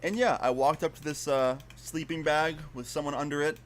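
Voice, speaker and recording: A man's voice: fairly high pitch, steady tone, fairly quick, a little hiss or hum. A young man casually retelling a frightening story, swearing often and leaning on fillers. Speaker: storyteller in a played video.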